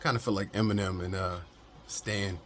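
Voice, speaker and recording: A man's voice: low voice, steady tone, normal speed. A man hosting his gaming channel, chatting casually in slang and cheering himself on while he plays. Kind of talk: casual gameplay commentary.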